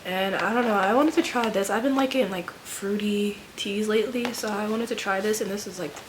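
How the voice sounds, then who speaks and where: A woman's voice: medium pitch, fairly even intonation, fairly quick, noisy background. A woman vlogger with a stuffy nose, rambling laid-back about her shopping haul, using lots of fillers. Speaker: vlogger, full-time nurse. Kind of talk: casual haul chat.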